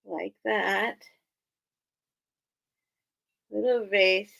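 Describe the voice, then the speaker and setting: Very animated and delivered at a normal speed, the woman's medium-pitched voice is gravelly, pushed and bright. She hosts a live online sale, showing off items in a casual, rambling way punctuated by frequent giggles.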